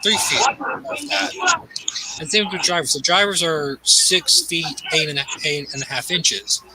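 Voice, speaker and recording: A man hosting a gaming channel, chatting casually and excitably, thinking aloud with lots of fillers. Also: fairly high pitch, normal speed, very noisy. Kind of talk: casual chat while gaming.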